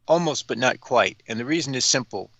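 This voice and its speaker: A man reads news items aloud, stopping to add crude, sarcastic remarks. His voice is bright and tense, and he hesitates with frequent fillers. The sound is dry and close. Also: mid-range voice, expressive, a little fast, vocal fry, no echo. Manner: profane, sarcastic asides. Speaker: talk show cohost. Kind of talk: reading news with commentary.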